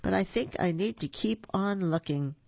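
An eager, hopeful young bear, as a storybook reader puts him on, talking a few steps above the narration. A gravelly edge stays in the voice. The recording is dry and a little dull. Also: mid-range voice, moderate pace, darkish tone, no echo, voice pushed up.

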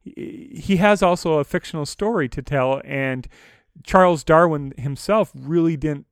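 A man's voice: a little high, unhurried, no echo. Man, podcast co-host, casual review chat, detail-minded, laughs easily, dry close sound.

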